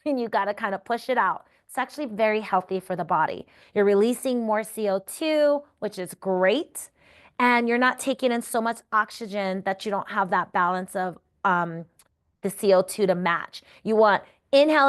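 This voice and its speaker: A woman yoga therapy instructor guiding breathing exercises in a calm, encouraging way, often checking in with the listener. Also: a little high, smooth.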